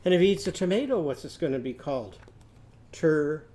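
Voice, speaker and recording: A man teaching a children's literacy lesson, modeling speech sounds slowly and leading the class to repeat them. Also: fairly high pitch, big pitch swings, mellow.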